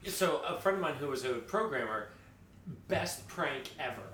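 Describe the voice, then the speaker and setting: A man telling casual anecdotes as a podcast co-host, animated and quick to act out quotes. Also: mid-range voice, echoey room, slight background noise. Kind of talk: casual storytelling.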